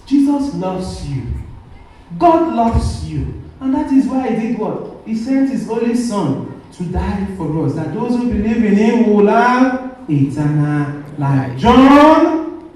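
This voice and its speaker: A man's voice: sits high, very animated, slow pace, darkish tone. A man, a Catholic priest, preaching a sermon and quizzing his congregation with call-and-response questions. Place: church. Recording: echoey church from far off.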